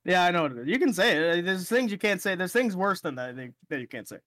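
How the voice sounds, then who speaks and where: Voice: mid-range voice, lively intonation, fast, a bit bright, dry recording. A podcast co-host in casual chat, laughing often and restarting sentences with a stammer.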